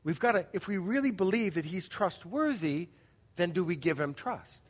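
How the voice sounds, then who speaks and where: Male pastor, high voice, chatty sermon storytelling, long echo of a big church hall. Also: expressive, normal speed. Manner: conversational storytelling with audience asides.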